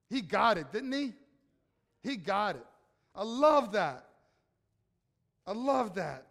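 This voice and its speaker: Heard in a large hall, a man preaching as pastor uses a high, sing-song voice. His emphatic sermon poses rhetorical questions and swings between soft, slow passages and loud declarations.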